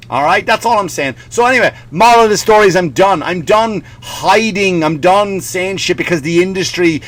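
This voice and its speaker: A male comedian and podcast host delivering a profane, sarcastic comic rant, possibly, slipping in mocking voices. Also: on the high side.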